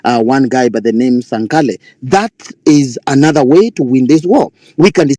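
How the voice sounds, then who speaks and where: A man speaking up in a live online discussion, making a forceful rally-like political speech and arguing back when interrupted. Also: mid-range voice, normal speed, dry recording. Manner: rally-like, forceful, repeats himself, argues back when cut off. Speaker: caller in a live audio space.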